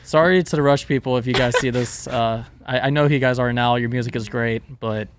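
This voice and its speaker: A young man on a podcast, telling a story in a casual, animated way and acting out his coworkers' lines. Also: medium pitch, fairly quick, background noise. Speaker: podcast guest. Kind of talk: casual chat.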